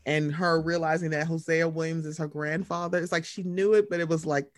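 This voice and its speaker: A woman's voice: fairly quick, no echo, clean studio sound. A woman co-hosting a casual chat, telling stories and acting out what people said with big swings in her voice. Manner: animated, acts out quotes with big pitch jumps and laughs. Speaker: podcast co-host.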